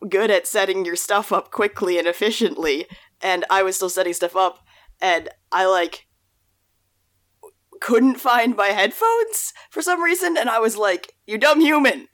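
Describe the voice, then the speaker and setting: A young woman co-hosts a relaxed podcast, musing over song lyrics in a loose, rambling way. Her voice still carries a rough morning edge. She laughs at herself and wanders off topic. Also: mid-range voice. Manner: rambling, self-deprecating, laughs often. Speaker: podcast co-host. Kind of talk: casual chat about song lyrics.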